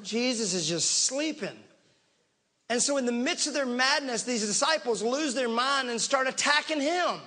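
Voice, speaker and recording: A male pastor preaching a lively sermon, calling out to the congregation and acting out panicked cries. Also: extremely high pitch, moderate pace. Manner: animated, acts out panicked voices and shouts; talks to the congregation directly, laughs along.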